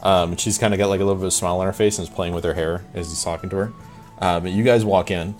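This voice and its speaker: A man narrating as game master, halting and full of ums and restarts. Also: low-pitched, steady tone, darkish tone, soft background music.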